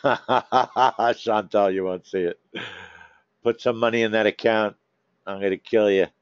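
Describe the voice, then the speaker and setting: A man runs a live trading session and talks straight to his members, coaxing and teasing them. His voice sits at an average pitch. The sound is dry and a little dull, like a lo-fi stream. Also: smooth, no echo. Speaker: trading room host.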